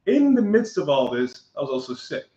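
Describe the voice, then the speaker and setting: Animated man telling a story in an echoey room. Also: a little high, brisk. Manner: animated, acts out quoted dialogue, laughs often. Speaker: guest. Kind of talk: casual storytelling chat. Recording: muffled echoey room recording.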